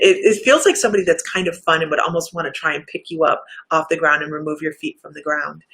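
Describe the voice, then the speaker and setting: A woman hosting a livestream as a psychic healer, chatty and effusive, laughing often and talking in quick bursts. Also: sits low, creaky, a bit bright. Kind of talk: casual livestream chat.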